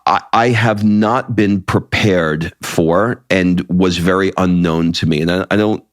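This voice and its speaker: Low-voiced blunt man in casual chat. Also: fairly even intonation, a little slow, no echo, studio quality. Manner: blunt and candid, swears freely, often restarts his sentences. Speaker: podcast co-host.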